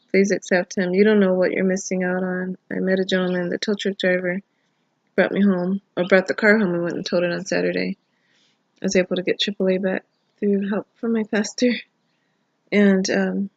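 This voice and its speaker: A woman's voice: medium pitch, gravelly, no echo, muffled recording. A middle-aged woman sharing an emotional, prayerful personal testimony in a video diary, tearful and rambling at times. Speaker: vlogger. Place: home. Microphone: phone camera.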